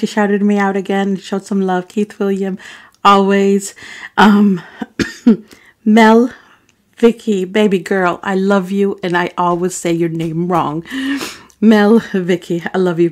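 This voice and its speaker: An Arab mukbang vlogger gives casual shout-outs, thanking viewers by name and calling them "baby boo," apologizing warmly whenever she trips over a name. Her voice is medium in pitch, steady and a little slow.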